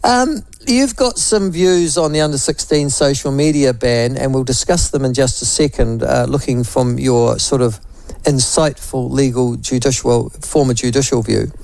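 A man's voice: mid-range voice, moderate pace, creaky, darkish tone, no echo, rough recording. A man hosting talk radio, blunt and opinionated, rambling with many fillers and asides. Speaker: radio talk show host.

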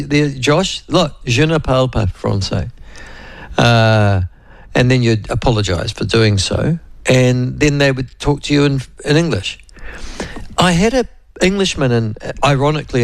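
A man's voice: medium pitch, moderate pace, creaky, no room sound, poor audio. A man with a New Zealand accent hosting a radio show in a rambling, chatty, digressive way. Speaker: radio host. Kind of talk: casual radio chat.

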